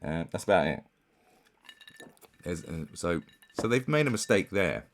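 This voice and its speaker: A man's voice: deep voice, sing-song, a little slow. A man giving casual commentary, rambling and scornful, with many fillers and restarts. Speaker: commentary YouTuber.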